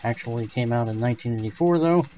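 A man's voice: mid-range voice, quick pace, dark tone, poor audio. A man hosting a radio comedy program, running through the tracks casually with fillers. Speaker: radio host. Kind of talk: radio show commentary.

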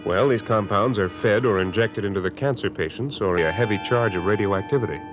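A man's voice: fairly low pitch, brisk. A man explaining laboratory work formally in a 1950s educational film. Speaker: lab scientist explaining equipment. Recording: dull lo-fi old film soundtrack with music.

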